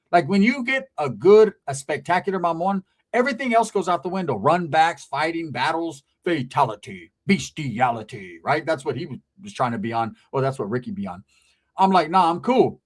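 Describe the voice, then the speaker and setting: A man telling a crude, animated comedic story, acting out the dialogue. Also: fairly high pitch. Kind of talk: casual profane storytelling.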